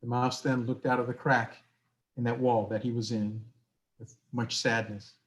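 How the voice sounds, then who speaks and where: A man's voice: medium pitch, level tone, moderate pace. Male workshop presenter, conversational, asks the room questions. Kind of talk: workshop talk and storytelling.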